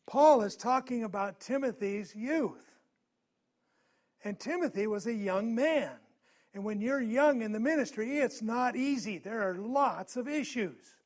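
A man's voice: very high-pitched, measured pace, darkish tone. A male preacher giving a sermon through a personal story, talking conversationally and asking his listeners questions, growing more urgent at tense moments.

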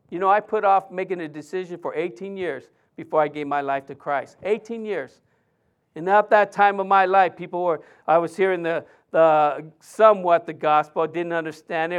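A man's voice: high voice, smooth. A man, a pastor, preaching a sermon in church in a conversational way with frequent restarts.

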